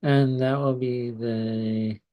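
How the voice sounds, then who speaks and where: A man working as an astrologer, talking slowly and hesitantly with many pauses and fillers as he shares charts on a live stream. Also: medium pitch, fairly even intonation, highs cut off. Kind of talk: slow casual live-stream talk. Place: home in California.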